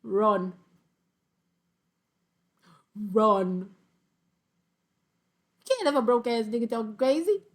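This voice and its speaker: A woman's voice: medium pitch, extremely slow, pauses often. Sassy woman reading comments aloud. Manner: sassy, animated, laughs often. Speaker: host reading viewer comments. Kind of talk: casual commentary.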